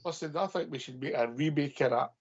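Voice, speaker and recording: A man's voice: on the high side, quick pace, gravelly, slightly rough. Chatty Scottish man on lo-fi radio. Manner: chatty, laughs easily, many fillers. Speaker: radio phone-in host. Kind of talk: casual football chat.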